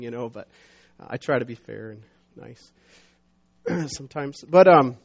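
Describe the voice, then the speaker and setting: A man's voice: fairly high pitch, fairly quick. A middle-aged man preaching a sermon as pastor, talking conversationally with many restarts and fillers, growing emphatic when he reads scripture. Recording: dull lo-fi sound.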